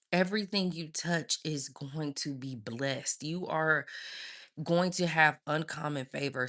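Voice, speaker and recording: A woman's voice: deep voice, a bit bright. A woman preaching on a live stream, emphatic and calling her listeners "y'all".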